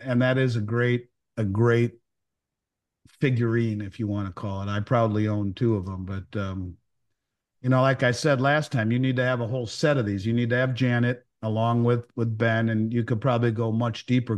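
A man's voice: mid-range voice, darkish tone. A man speaking as a guest over a call, blunt and opinionated. He rambles and stumbles through restarts before landing his point. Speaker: precious metals dealer guest. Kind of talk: casual chat. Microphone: remote call.

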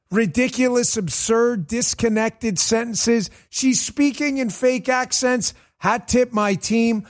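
A man hosting a political talk show, delivering a combative, mocking monologue with lots of repetition. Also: high-pitched.

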